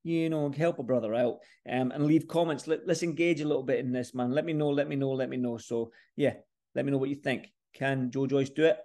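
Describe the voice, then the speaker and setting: A man's voice: medium pitch, fairly even intonation, brisk, darkish tone. A man talking casually to camera as a boxing vlogger, chatty and repeating words and phrases for emphasis. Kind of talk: casual fight-preview talk to camera.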